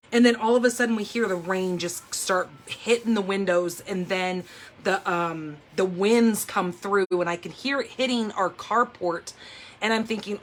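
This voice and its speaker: A woman hosting a live card-making session from her craft table at home, chatting in an animated way and often saying "like" and "oh my gosh". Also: medium pitch, normal speed, a little hiss or hum. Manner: chatty, animated storyteller, says "oh my gosh" and "like" a lot. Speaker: papercraft livestream host. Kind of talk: casual chat while demonstrating card making.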